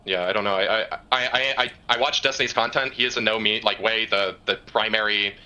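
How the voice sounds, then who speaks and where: A man calling in to a stream who argues defensively, halting and searching for words. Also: on the low side, steady tone, bright, forceful tone, clear, resonant tone. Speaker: caller. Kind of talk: defensive debate on a call.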